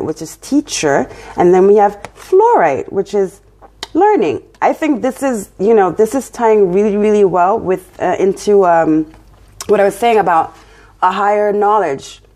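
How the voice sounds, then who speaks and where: Her voice sits in the mid range with a darkish tone as this French-accented tarot reader keeps things casual, offering encouragement and frequently checking in with whoever she's reading for.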